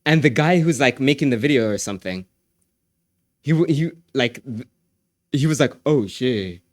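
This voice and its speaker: A male livestreamer chats loosely with his viewers in an excitable, rambling way, looping the same phrases over and over. His voice sits at an ordinary middle pitch. The sound is dry and close, with no room echo. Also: moderate pace. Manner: excitable, repeats phrases, laughs often. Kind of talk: casual chat with viewers.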